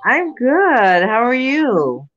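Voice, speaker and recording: Slow-speaking woman in her sixties. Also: fairly high pitch, very animated, a bit bright, dull audio, soft background music. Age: 60s. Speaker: psychic medium guest. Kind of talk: casual interview answers.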